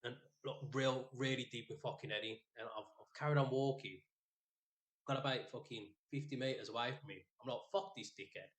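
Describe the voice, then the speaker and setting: A man's voice: medium pitch, brisk. A man, co-hosting a podcast and telling a rambling, sweary story in casual chat. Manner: rambling, sweary, animated retelling. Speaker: podcast co-host.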